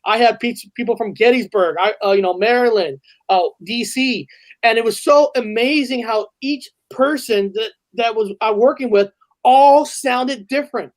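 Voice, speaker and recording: A woman's voice: a little high, normal speed. A woman co-hosting a casual chat, reading out viewer comments and telling stories in a conversational way. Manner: conversational storytelling.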